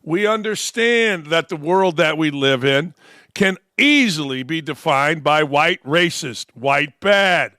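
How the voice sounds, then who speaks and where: Blunt, sarcastic sports talk host, high bright voice. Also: male voice, lively intonation, slow, no echo, clean studio sound. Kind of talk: opinionated sports talk commentary.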